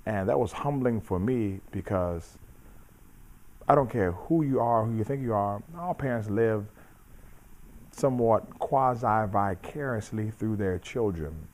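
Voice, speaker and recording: A middle-aged man and judo coach giving a reflective motivational talk, measured and preacherly, repeating phrases for emphasis. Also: on the low side, a little mellow.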